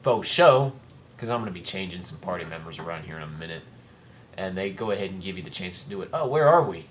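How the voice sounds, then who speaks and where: A man's voice: low voice, lively intonation, quick pace, slight background noise. A man giving casual, rambling let's-play commentary with playful asides while reading game dialogue.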